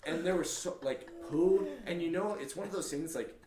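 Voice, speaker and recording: A young man co-hosting a casual podcast, telling a story with animated delivery and loud acted-out quotes. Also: on the high side, moderate pace, crowd noise. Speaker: podcast co-host. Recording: roomy echo.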